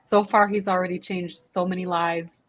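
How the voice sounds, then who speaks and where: A woman's voice: fairly low pitch, flat delivery, normal speed. A woman hosting a casual livestream chat, talking in an enthusiastic, gushing way. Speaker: livestream host.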